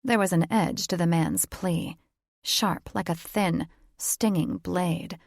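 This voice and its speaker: A woman narrating a fantasy romance audiobook in a measured, even storytelling manner. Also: on the low side, creaky, dry recording, clean studio sound. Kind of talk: scripted narration.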